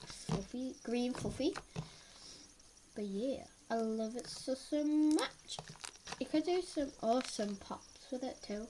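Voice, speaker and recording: A woman with a cold, sniffling as she reviews slime in a chatty, excitable way at home, often gasping and exclaiming. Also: high voice. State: has a head cold, sniffling. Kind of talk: casual unboxing chat. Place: at home, filming on the floor. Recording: loud background noise and clicks.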